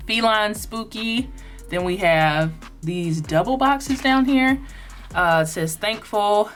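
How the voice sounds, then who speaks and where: A woman with a somewhat low voice talks through a sticker book page by page in a chatty, upbeat way, full of ums and likes. Soft background music plays faintly under her voice. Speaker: planner sticker vlogger. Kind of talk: casual flip-through narration.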